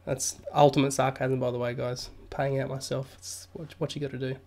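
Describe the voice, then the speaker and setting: A man's voice: mid-range voice, level tone, normal speed, gravelly. Chatty man on a live stream. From Australia. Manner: jokey, chatty, reads news aloud then riffs. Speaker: crypto livestream host. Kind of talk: casual live stream chat. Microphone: new studio mic.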